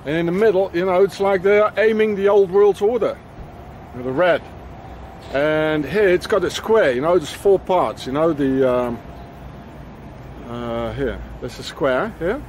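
A man's voice: on the high side, a little slow, a little mellow, a little hiss or hum. A man vlogging on a walk around town, rambling in a conspiratorial way as he points things out to a handheld camera. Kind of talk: walking commentary to camera.

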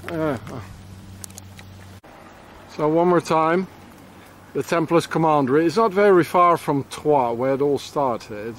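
Walking outdoors through a town, a travel vlogger rambles for his camera with many fillers and restarts. His voice sits on the high side and he talks slowly, pausing at length, with slight background noise around him.

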